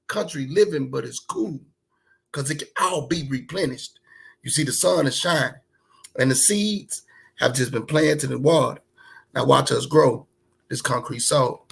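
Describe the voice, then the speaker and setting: A man's voice: on the high side, gravelly, slightly rough, rough recording. A man from Memphis with a Southern US accent, performing spoken word poetry in a rhythmic, emphatic rhyming delivery. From Memphis, Tennessee.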